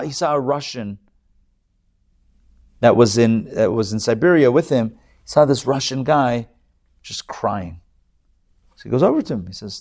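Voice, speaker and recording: A male rabbi with a medium-pitched voice teaches a live Torah class, telling stories animatedly with frequent restarts and small jokes.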